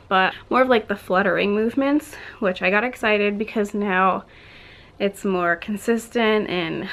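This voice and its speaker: Young woman vlogger, casual storyteller, chatty and rambling, laughs often, slightly breathless. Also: medium pitch. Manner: chatty, rambling, full of "like" and restarts; laughs often between words. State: a little out of breath.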